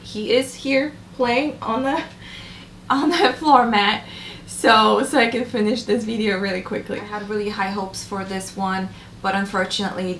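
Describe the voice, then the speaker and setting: A woman's voice: mid-range voice, creaky, a bit bright, echoey room, slight background noise. A young adult woman chatting casually and enthusiastically to camera as a beauty vlogger, with lots of fillers. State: a little out of breath.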